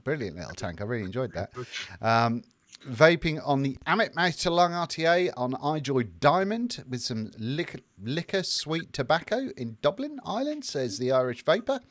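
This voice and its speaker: A man's voice: a little high, no room sound. A man from the United Kingdom co-hosting a casual livestream, reading out viewer comments in a jokey, chatty way with plenty of fillers. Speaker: livestream co-host reading chat. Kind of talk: casual live chat.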